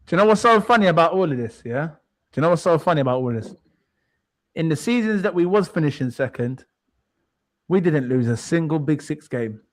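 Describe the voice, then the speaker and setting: Boastful male co-host, taunting tone, pitched high. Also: expressive, fairly quick. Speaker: podcast co-host. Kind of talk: heated football banter.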